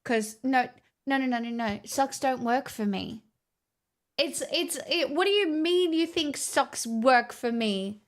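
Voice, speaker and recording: A woman's voice: sits high, lively intonation, unhurried. A woman streamer chatting casually with her viewers, tired and rambling, with playful self-mockery.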